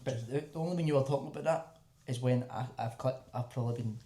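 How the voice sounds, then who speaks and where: A Scottish man co-hosting a casual podcast, telling stories in a rapid, sweary, laid-back way. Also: mid-range voice, warm tone, roomy sound. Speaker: podcast co-host.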